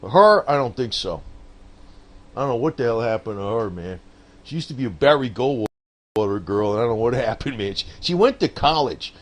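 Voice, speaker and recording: Man, casual political rant, lively swinging pitch, profane and laughing, loose delivery. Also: brisk. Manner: rambling, profane, laughs often, frequent "man" and "I don't know". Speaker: political commentator. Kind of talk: casual rambling monologue.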